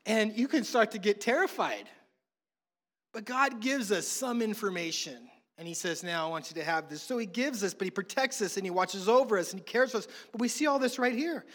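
High-voiced man preaching in a reverberant hall. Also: expressive, fairly quick, fairly bright tone. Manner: conversational preaching with humorous family anecdotes. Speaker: pastor. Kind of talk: sermon.

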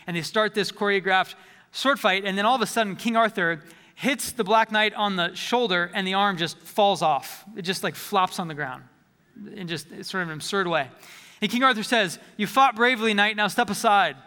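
A man's voice: high voice, bright, forceful tone, clear, resonant tone, in a large hall. A man preaching a sermon as a pastor, conversational, often repeating words as he restarts phrases.

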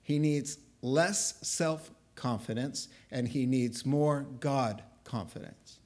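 A man preaching a sermon, animated, acting out biblical dialogue with a sarcastic edge. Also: mid-range voice, takes it slowly.

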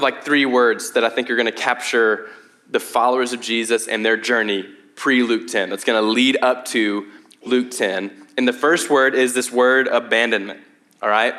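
A young man preaching a sermon in a casual, conversational way, full of restarts and fillers, moving from quiet prayer to lively storytelling. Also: medium pitch. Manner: hushed prayer, rising to animated storytelling. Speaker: pastor.

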